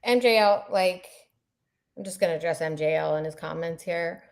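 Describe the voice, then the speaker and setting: A woman's voice: on the low side, normal speed, gravelly. A woman co-hosting a casual chat show, blunt and exasperated, speaking plainly to listeners. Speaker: podcast co-host.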